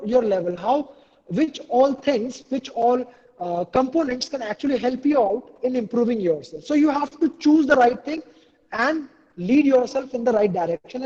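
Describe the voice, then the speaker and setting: A man's voice: extremely high pitch, dark tone, in a large hall, lo-fi sound. A man giving earnest advice on language learning in an online lesson, often saying "you know". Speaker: language course facilitator.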